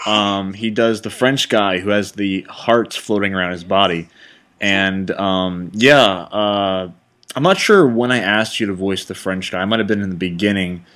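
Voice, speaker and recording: A man's voice: lowish voice, measured pace, fairly bright tone. A man directing and hosting a casual commentary chat, rambling and enthusiastic as he talks.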